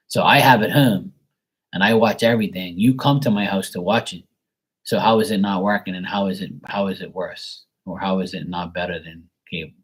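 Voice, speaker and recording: Middle-aged guy ranting, husky low voice, swears a lot, lots of "like"s. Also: a little fast. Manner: exasperated rant with frequent swearing and fillers. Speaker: tarot reader. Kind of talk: casual venting monologue.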